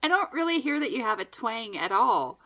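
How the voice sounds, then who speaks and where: A woman guest co-host with a bright, fairly high voice and lively pitch. She talks slowly in a relaxed chat and answers with quick laughs and short replies. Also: a little hiss or hum. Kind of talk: casual chat.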